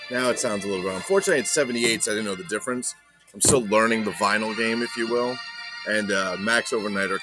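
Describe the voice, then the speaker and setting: A man hosting a casual collector vlog, chatting about his finds in a profane, enthusiastic, rambling way. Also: lowish voice. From not Ireland. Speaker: collector vlogger. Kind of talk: casual unboxing chat.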